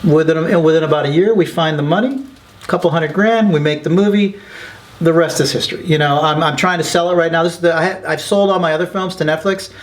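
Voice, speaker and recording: A man's voice: a little high, fast. A man being interviewed as a documentary filmmaker, telling stories with lots of energy and acting out the people he quotes. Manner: excited, quotes people in lively voices. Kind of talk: animated interview storytelling.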